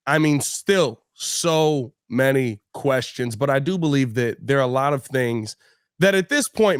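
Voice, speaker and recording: A man's voice: medium pitch, clean tone, no echo. Upbeat, slangy sports host man, dry sound. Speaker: podcast host. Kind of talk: casual sports talk.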